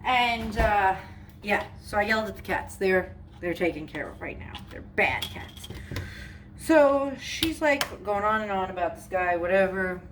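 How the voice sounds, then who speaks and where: A woman's voice: mid-range voice, animated, moderate pace. Young woman baking at home n telling a story, rambly chatty voice, noisy background. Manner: chatty, rambling, many fillers. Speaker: vlogger. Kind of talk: casual storytime while baking. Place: home kitchen.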